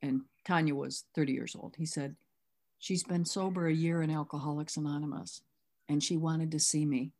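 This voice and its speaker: A woman's voice: sits low, fairly even intonation, moderate pace, darkish tone. A middle-aged woman at a recovery workshop, recounting a sponsorship story and acting out both sides of the dialogue. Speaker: workshop speaker.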